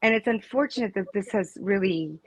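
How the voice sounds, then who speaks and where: A woman's voice: mid-range voice, a little fast, no room sound, low-quality recording. A middle-aged woman, a student's mother, telling stories emphatically in a casual interview, restarting her sentences often. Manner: emphatic, storytelling, with many restarts.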